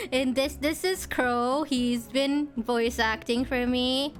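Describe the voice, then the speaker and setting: A woman's voice: high-pitched, steady tone, slow, faint music behind. A young woman streaming a visual novel, reading its narration aloud and chatting casually with viewers, giggling often between words.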